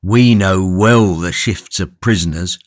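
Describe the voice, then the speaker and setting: A man voicing a gruff, suspicious old male gaoler who roars and bullies. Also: low-pitched, unhurried, dry recording. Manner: blustering, roaring.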